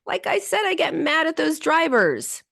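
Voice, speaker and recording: A frustrated woman client states her feelings in a flat, matter-of-fact tone, as a woman therapist quotes her. Her pitch still moves a lot. The recording is close and dry. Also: moderate pace, creaky, dry recording, full character voice.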